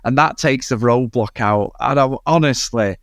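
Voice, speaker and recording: A man's voice: mid-range voice, moderate pace, dry recording, clean studio sound. A man co-hosting a casual film review podcast, ranting in exasperation about a bad movie and swearing freely. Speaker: podcast co-host.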